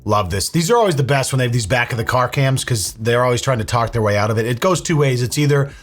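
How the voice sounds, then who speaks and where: A man's voice: mid-range voice, animated, fast. Sarcastic young man commenting on footage. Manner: sarcastic, mocking, casual swearing. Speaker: commentary host. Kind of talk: reaction commentary on bodycam footage.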